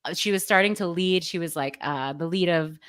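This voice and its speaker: A woman's voice: on the low side, fairly quick, a bit bright. A woman co-hosting a pop culture podcast in casual chat, rambling through her thoughts and laughing often. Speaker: podcast co-host.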